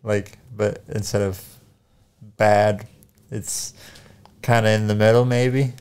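A man's voice: on the low side, level tone, slow, a little mellow, clear, resonant tone. Male co-host, loose and rambling, jokey. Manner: joking, rambling, laughs a lot. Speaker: podcast co-host. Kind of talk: casual chat.

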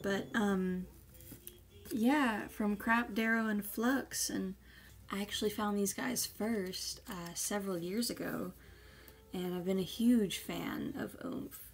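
A woman unboxing gifts in an unhurried, drawn-out way. Her voice carries a gravelly vocal fry, and she gushes effusively, pausing often on little fillers. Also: medium pitch. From United States. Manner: gushing and effusive, with hesitant fillers. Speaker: vlogger. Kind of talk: casual unboxing chat.

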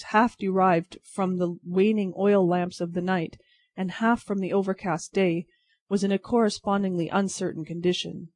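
A narrator giving a steady, even audiobook reading of a classic novel for English learners. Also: mid-range voice, no room sound.

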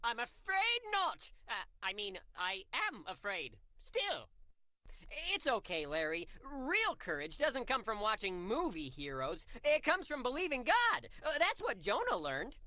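A sensible cartoon tomato who speaks patiently and pauses on "uh"s. His bright, high voice moves with lively pitch, and the recording is close and dry. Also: no room sound, heavily acted. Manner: patient, hesitant, lots of "uh". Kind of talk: cartoon voice acting.

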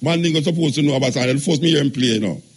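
A man with a Jamaican accent hosting a call-in radio show, talking in a relaxed, joking way with patois. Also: a little high, rapid-fire, husky. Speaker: radio talk show host. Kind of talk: casual call-in radio talk.

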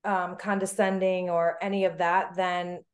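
A woman's voice: on the low side, level tone, a little slow. A woman guest in a casual interview, earnest and reflective, talking sincerely about her work. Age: adult, with a daughter. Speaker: guest, business owner.

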